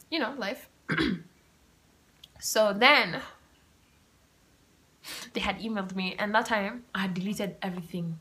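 Chatty young woman podcaster. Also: medium pitch. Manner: chatty and animated, frequent asides and laughter. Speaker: podcast host. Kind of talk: casual storytelling monologue. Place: home room with open windows.

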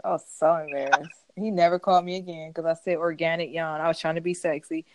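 A woman co-host chats casually on a podcast, spinning stories and playing out the lines people said to her. Her voice sits on the low side. The sound is dry and close. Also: quick pace, no echo. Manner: animated storytelling, acts out quotes. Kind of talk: casual chat.

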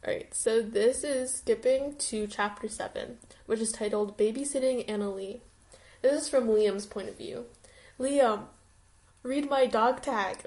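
A woman's voice: fairly high pitch, moderate pace, mellow. A young woman casually reading a story aloud, often breaking into laughter as she goes. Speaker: co-host reading fanfiction aloud.

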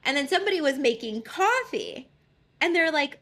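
A young woman chatting casually, her voice high and bright. She teases playfully and giggles as she tells a story. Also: very animated, normal speed. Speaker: co-host. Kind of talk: casual chat.

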